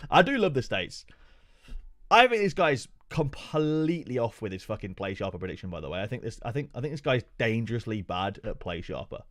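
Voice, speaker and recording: A young man hosts a casual livestream, joking and swearing freely as he chats with his viewers. He sounds very animated, with a medium-pitched, slightly bright voice at a normal speed.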